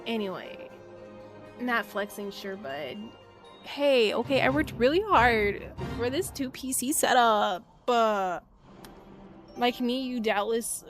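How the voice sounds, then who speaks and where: Woman streamer, voice a bit high, joking, casual, swears, faint game music underneath. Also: animated, takes it slowly. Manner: joking, playful, swears freely, quiet asides and loud bursts. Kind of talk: casual live-stream chat while playing.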